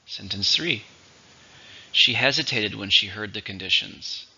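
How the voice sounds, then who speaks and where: A man teaches English vocabulary with a gravelly, slightly husky voice that still has a sharp, bright edge. He speaks slowly and deliberately, modelling each word's syllables and stress before reading example sentences. The recording sounds dull and lo-fi. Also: fairly low pitch.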